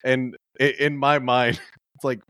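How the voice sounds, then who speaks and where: A man in casual podcast chat about a movie, relaxed and a little hesitant, with many fillers. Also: medium pitch, slow pace, clean tone, no room sound, clean studio sound.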